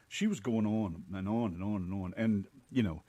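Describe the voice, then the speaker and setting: An American man co-hosting a casual online radio show, joking and teasing with loud laughs. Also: on the low side, a little slow, lo-fi sound. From United States. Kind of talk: casual banter with co-host and chat.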